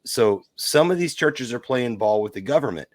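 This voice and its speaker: A man's voice: medium pitch, expressive, moderate pace, no room sound. A man on a podcast, talking emphatically and giving firm opinions in casual chat.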